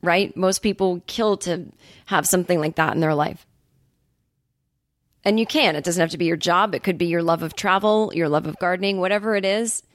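A woman's voice: fairly low pitch, moderate pace, no echo. A woman hosting a podcast, ranting in a casual monologue, swearing freely and acting out quotes. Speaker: podcast host.

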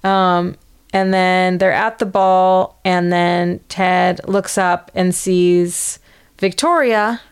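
A woman's voice: on the low side, fairly even intonation, takes it slowly, clean tone. A woman co-hosting a casual podcast, recapping a sitcom with lots of hesitant ums. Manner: hesitant, many ums, easygoing. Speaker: podcast co-host.

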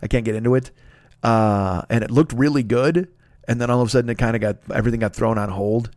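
Exasperated guy cussing his way thru a comic rant, mid-pitch voice, dead dry room. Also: fairly even intonation, quick pace, a little mellow, dry recording. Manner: profane, exasperated ranting. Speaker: podcast host. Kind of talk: comedic rant.

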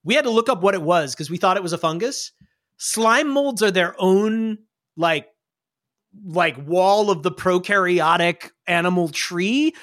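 A game master narrating a tabletop game in a chatty, animated way. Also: medium pitch, measured pace.

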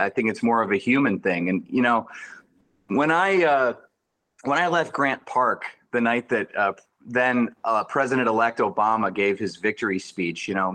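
Guy riffing on a podcast, jokey, keeps restarting sentences, mid-pitch ordinary voice. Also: pushed and bright. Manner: jokey, rambling, frequent restarts. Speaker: comedian guest. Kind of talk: casual comedic chat.

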